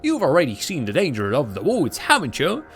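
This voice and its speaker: A jolly, burly woodcutter greets a traveller in a hearty storybook voice, as a man puts him on. He sits higher than a plain speaking voice and swings widely in pitch. A faint bed of music runs behind him. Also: big pitch swings, fairly quick, gravelly, fairly bright tone, exaggerated voice. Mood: jovial. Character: friendly burly male woodcutter with shifting accents.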